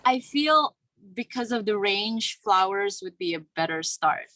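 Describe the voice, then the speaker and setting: A woman's voice: fairly high pitch, very animated, a little slow, fairly bright tone, no echo, low-quality recording. Hesitant woman, recovering from a sore throat. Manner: hesitant, polite, many fillers. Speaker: workshop participant. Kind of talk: casual talk on a video call.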